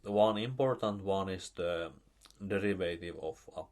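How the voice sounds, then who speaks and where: A man with a Finnish accent giving a recorded math lecture, explaining step by step with many pauses and fillers. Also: low voice, darkish tone. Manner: slow, halting, with many fillers.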